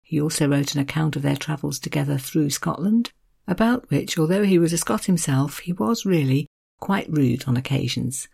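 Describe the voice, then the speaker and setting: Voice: mid-range voice, expressive, moderate pace, gravelly, a little mellow, slightly rough. A podcast host giving a scripted literary narration, with wry, self-deprecating asides.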